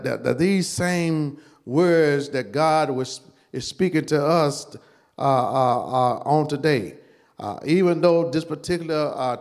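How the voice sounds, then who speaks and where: A man in the role of pastor, teaching a church Bible study at an unhurried, deliberate pace. His speech halts often, with repeated words and many fillers. When something stirs him he pushes up in pitch and volume.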